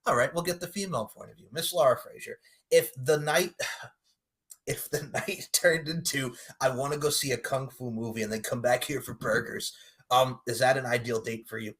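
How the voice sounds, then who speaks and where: A man's voice: medium pitch, moderate pace, a bit bright, breathy edge. A young man on a podcast, casually recapping a movie with lots of swearing and acted-out character lines. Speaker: podcast co-host.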